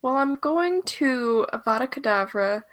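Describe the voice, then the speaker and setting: A woman's voice: high voice, lively intonation, a little slow, fairly bright tone. A young woman co-hosting a podcast in casual chat, wry and improvising. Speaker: podcast co-host.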